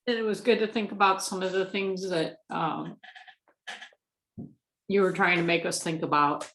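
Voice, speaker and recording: Teary woman participant on a call, low voice, halting, roomy echo. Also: steady tone, fairly bright tone, slight background noise. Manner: halting, tearful, many "um" pauses. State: emotional, close to tears. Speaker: workshop participant.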